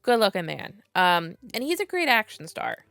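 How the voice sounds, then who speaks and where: Brief: woman co-host, smooth clear voice, casual filler-heavy chat, dry close mic. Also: medium pitch, very animated, normal speed, fairly bright tone, no room sound, faint music behind. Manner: casual and chatty, many fillers. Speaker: podcast co-host. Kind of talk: casual movie review chat.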